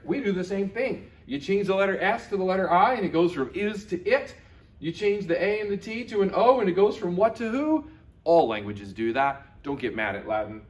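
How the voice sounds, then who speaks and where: Animated man teaching a children's lesson. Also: high voice. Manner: animated, repeats words slowly for learners. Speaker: Latin teacher. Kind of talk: recorded video lesson for children.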